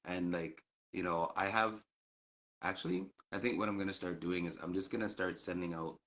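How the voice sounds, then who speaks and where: A man's voice: low-pitched, steady tone, moderate pace, a bit bright. A man in casual conversation, rambling and hesitant with many fillers and restarts. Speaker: guest.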